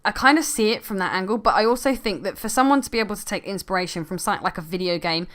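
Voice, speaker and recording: A young woman talking casually to camera as a gaming vlogger, chatty and often laughing, her voice sometimes dropping to quiet asides. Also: mid-range voice, racing.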